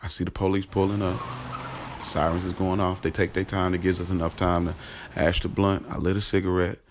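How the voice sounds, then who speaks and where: A man's voice: low-pitched, level tone, a little fast, slight background noise. A man narrating his own story in the first person, in a casual, streetwise and profane way. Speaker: narrator and creator.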